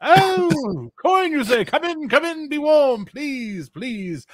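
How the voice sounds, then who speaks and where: Fussy blustering innkeeper, high, swooping and loud, tabletop game. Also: male voice, big pitch swings, takes it slowly, no room sound, exaggerated voice. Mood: fawning. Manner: blustering, gushing over coin, shouting orders. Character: fussy tall thin balding male innkeeper.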